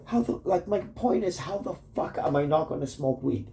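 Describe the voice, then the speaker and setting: Rambling, profane man with a mellow voice. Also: high-pitched, animated, normal speed, gravelly, slight background noise. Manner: rambling, profane, full of "like" and restarts. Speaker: vlogger addressing his wife. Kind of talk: rambling casual video message.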